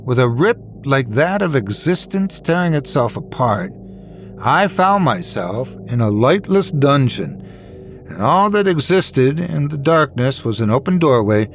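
Male horror storyteller, mid pitch, very expressive delivery, soft music bed. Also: measured pace. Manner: dramatic, expressive.

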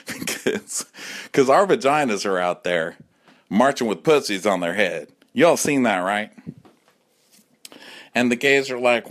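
A man in his forties riffs through a campy, profane comic monologue, his voice swinging widely up and down as he acts out other people. His pitch sits a little low for a man, and he is recorded at home. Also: animated, measured pace, long pauses, a bit bright. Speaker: comedy podcast host.

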